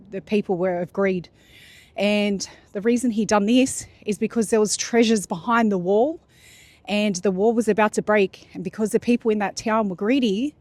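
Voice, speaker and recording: A woman's voice: mid-range voice, a little mellow, no room sound. Casual chatty woman telling a story. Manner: chatty, loose, many fillers and restarts. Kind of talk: casual spoken retelling of a religious story.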